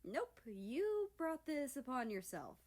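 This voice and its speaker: A man's voice: very high-pitched, very animated, slow pace, darkish tone, pitched above the performer's own voice, exaggerated voice. A woman doing a sly Russian-accented young man. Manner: smirking, playful, sly. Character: smug young male country personified, deep-voiced.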